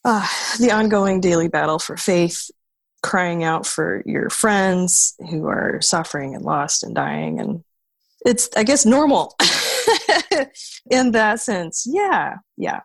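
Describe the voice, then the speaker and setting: A woman guesting on a podcast talks in a chatty, casual way, still in her morning voice, laughing often and restarting words. Her voice is fairly low, creaky, and very animated, and she takes things slowly; there is no room sound.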